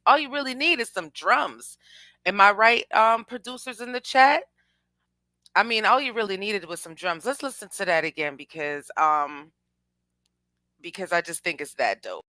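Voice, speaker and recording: A young woman hosting a casual music commentary show, talking in an animated, slangy way and addressing her chat. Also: medium pitch, moderate pace, dry recording. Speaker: podcast host.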